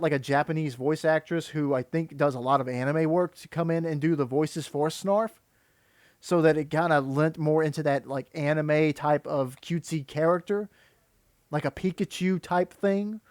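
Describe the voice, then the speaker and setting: A man's voice: on the high side, a little mellow, dry recording, studio quality. A man giving critical, exasperated reaction commentary that rambles and restarts. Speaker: video commentator.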